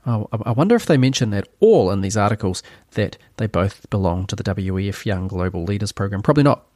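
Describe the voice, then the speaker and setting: A man's voice: on the low side, lively intonation, fairly quick, a little mellow, dry recording, clean studio sound. A man hosting a solo opinion podcast, talking in a sarcastic, rambling way. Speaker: podcast host.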